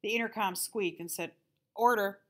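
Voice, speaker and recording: A teacher reading a novel aloud to her class in a calm, steady storytelling manner. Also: fairly low pitch, normal speed.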